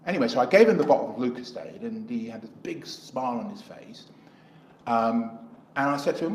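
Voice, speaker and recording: An English, middle-aged man running as an independent candidate gives rambling interview answers, voicing the characters in his anecdotes. His mid-range delivery is expressive and fairly quick. The rough recording carries an echoey room and a little hiss or hum.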